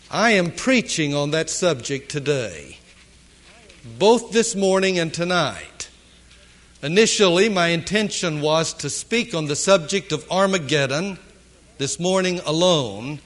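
A man preaching a sermon in a slow, deliberate, emphatic way, pausing for dramatic effect. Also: a little high, a bit bright.

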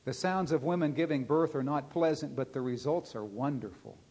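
A man preaching a sermon, reading a story aloud and then speaking plainly to his listeners, earnest and at times dropping his voice low and soft. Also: moderate pace, breathy edge.

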